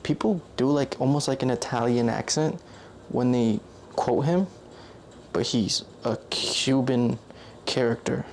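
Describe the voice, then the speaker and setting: Talking a little slowly in a mid-range, slightly mellow voice, a young man rambles through a casual vlog while slight noise sits in the background. He often corrects himself, and "like" fills his pauses.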